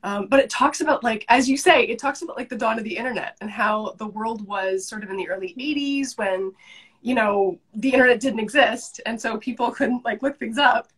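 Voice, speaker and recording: A woman's voice: fairly high pitch, fairly quick, husky. A young Canadian woman chatting as a guest on a live video call, enthusiastic and talkative. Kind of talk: casual chat.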